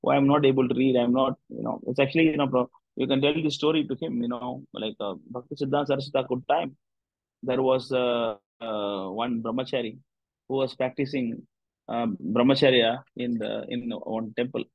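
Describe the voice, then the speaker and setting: A man's voice: mid-range voice, fairly even intonation, normal speed, gravelly, dry recording, dull audio. A man, a spiritual teacher leading a discussion group, telling a devotional story in a loose, rambling way with many "you know" fillers.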